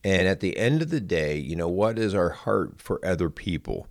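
A deep-voiced man talks through faith and family with his partner, pausing and restarting mid-sentence as he thinks aloud. The recording is dry and close, with no room around the voice. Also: animated, no echo. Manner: halting, restarts often, calls partner "hun". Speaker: podcast co-host. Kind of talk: casual faith-based conversation.

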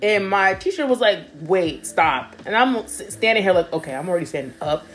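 Soft background music accompanies a young woman whose mid-range voice moves a little fast. She's casually telling a story, laughing and animatedly acting out what others said.

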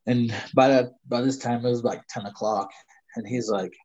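A middle-aged man, guest storyteller in a casual chat, rambles through a lengthy personal hunting story packed with fillers. He speaks at normal speed in a medium-pitched, steady, slightly mellow voice. The recording has a slightly dull lo-fi quality.

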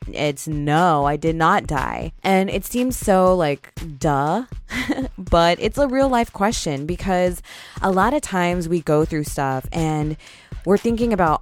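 A young woman hosting a solo podcast, talking casually and candidly with emphatic swings in her voice. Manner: chatty, candid, emphatic with pitch jumps. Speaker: podcast host.

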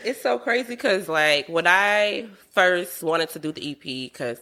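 A woman from Savannah, Georgia talks as a podcast guest, chatty and animated. Her voice is bright and forward, and laughter runs through her stories. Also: lowish voice, unhurried. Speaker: musician and guest. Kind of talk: casual interview chat.

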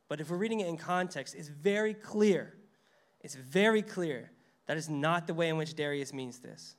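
Pastor, male, fairly high voice, conversational sermon with acted-out quotes. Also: animated, moderate pace. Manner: conversational preaching, reads scripture aloud, acts out quotes.

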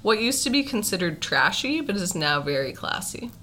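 A woman's voice: medium pitch, very animated, normal speed, sharp tone, slight background noise. A woman podcast host asking playful questions in a casual interview, laughing often.

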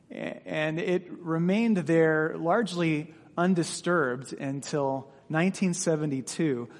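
Guy pastor giving a sermon, reads the bible passage then just talks it through, lots of hall echo. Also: fairly high pitch. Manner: reads scripture then explains in plain conversational asides. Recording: long hall reverb.

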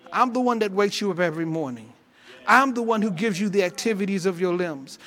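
A man's voice: extremely high pitch, bright, forceful tone. A male pastor preaching a sermon with fervor, repeating phrases and calling out to the congregation.

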